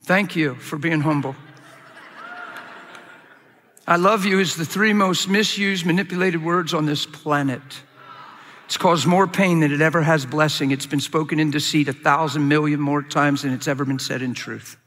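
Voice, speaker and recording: A middle-aged male pastor preaching a sermon, telling stories with animated acted-out quotes. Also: fairly high pitch, normal speed. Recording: long hall reverb.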